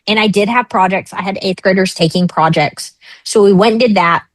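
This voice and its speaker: With a medium-pitched voice and a brisk pace, a talk show guest in her thirties tells a frank personal anecdote, animatedly mimicking the voices of the people she quotes. The recording is dry and rough.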